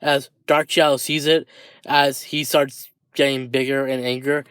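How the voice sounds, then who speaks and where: A man's voice: medium pitch, level tone, a little slow, a bit bright, clean tone, dry recording, clean studio sound. A man improvising a fan story aloud, rambling and hesitant with many restarts.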